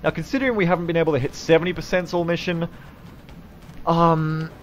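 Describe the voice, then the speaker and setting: A man giving live gameplay commentary, excitable, swearing often and shouting at the game. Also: on the high side, brisk, a little hiss or hum. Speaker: game streamer.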